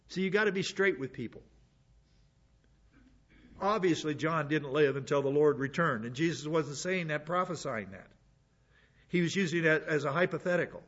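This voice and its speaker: A man's voice: a little high, expressive, moderate pace, fairly bright tone, slightly rough. Man preaching in a lo-fi recording. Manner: conversational Bible teaching with asides. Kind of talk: sermon.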